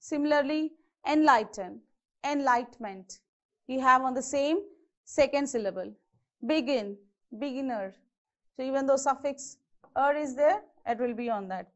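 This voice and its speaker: Woman, high voice, patient grammar teacher, slightly muffled recording. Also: moderate pace, pauses often. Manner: repeats words and checks in with "okay". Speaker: English teacher. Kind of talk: classroom grammar lesson. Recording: slightly dull lo-fi lesson audio.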